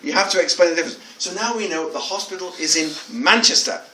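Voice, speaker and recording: A man leads a teachers' workshop in a joking, coaxing way and keeps asking the room for answers. His voice sits high and bright and rises and falls a lot. It is heard from a distance, echoing around a large hall. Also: quick pace, slight background noise. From England. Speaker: teacher trainer leading a workshop. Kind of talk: lively workshop talk with audience questions.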